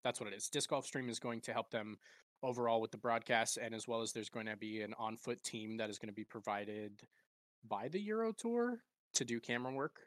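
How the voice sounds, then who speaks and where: A man's voice: medium pitch, brisk, no echo. A man co-hosting a casual podcast chat, laughing often and stumbling over tricky names. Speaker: podcast co-host.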